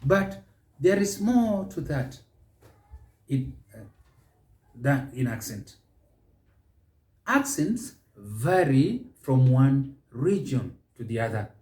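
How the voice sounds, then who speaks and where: A man with a Kenyan accent hosting a pronunciation lesson, speaking slowly and deliberately and stretching key words. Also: medium pitch, sing-song, a little mellow. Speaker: show host and English pronunciation teacher. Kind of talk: measured spoken lesson. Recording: echoey room.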